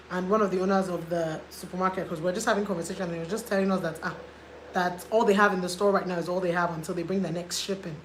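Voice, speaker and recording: A woman vlogger from Nigeria chatting casually on a live video, animated and indignant as she tells a story. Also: lowish voice, echoey room, slight background noise, low-quality recording. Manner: animated, gets loud and indignant retelling a confrontation.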